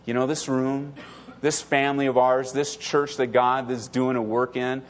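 A man's voice: mid-range voice, level tone, moderate pace, a little hiss or hum, voice pushed down, close to an everyday voice. A preacher voicing a sneering male Satan who belittles and mocks his listener. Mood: dismissive. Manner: mocking, dismissive.

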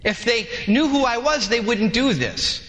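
A male pastor preaching a sermon in a lively way, acting out dialogues in different voices, in a large church hall. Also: extremely high pitch, measured pace. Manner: animated, acts out dialogues with shifting voices. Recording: long hall reverb.

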